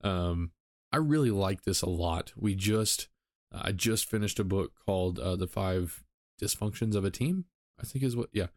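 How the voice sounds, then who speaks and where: A man's voice: low-pitched, lively intonation, moderate pace, dry recording. A man hosting a solo podcast, talking casually with frequent ums and self-corrections. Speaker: podcast host.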